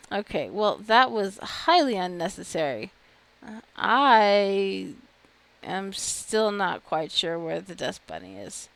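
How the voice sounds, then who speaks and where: A woman giving casual, wry commentary while playing a game, chatty and quick to laugh. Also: mid-range voice, lively intonation, gravelly. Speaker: game streamer. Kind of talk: casual let's-play commentary.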